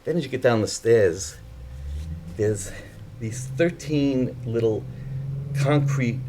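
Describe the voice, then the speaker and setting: A man's voice: medium pitch, slow, noisy background. A man telling a story to a live audience, casually swearing and acting out the people he quotes in a raised voice.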